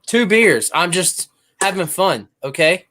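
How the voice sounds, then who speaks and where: Lively, playful male podcast co-host. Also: sits high, a little slow. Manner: playful, teasing, jokey comedian patter. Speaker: Navy veteran. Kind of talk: casual podcast banter.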